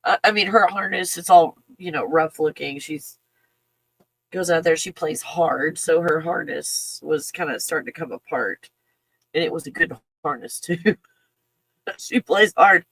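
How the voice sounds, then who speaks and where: A woman talking in an emotional, halting casual monologue, breaking off with sighs and soft laughs. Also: deep voice, creaky, slightly rough, no room sound, low-quality recording. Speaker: channel host.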